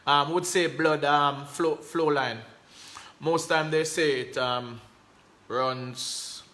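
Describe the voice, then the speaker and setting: A man's voice: fairly high pitch, fairly even intonation, takes it slowly, bright, forceful tone. A man with a Jamaican accent hosting a casual live stream, talking emphatically in patois phrasing and reading out viewer comments. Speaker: host.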